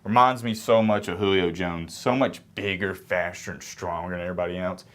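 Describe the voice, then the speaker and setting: A young man with a cold giving casual, low-energy sports commentary to camera, sometimes moving away from the mic. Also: steady tone, fairly quick, fairly bright tone. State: sick, congested. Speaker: sports reaction YouTuber.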